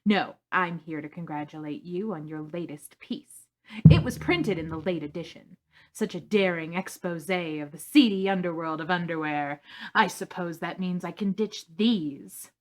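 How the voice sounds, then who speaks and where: A woman's voice: lowish voice, normal speed, natural voice. A woman voicing a snooty, glamorous woman journalist in a live fan fiction read-through, with a haughty, mocking manner.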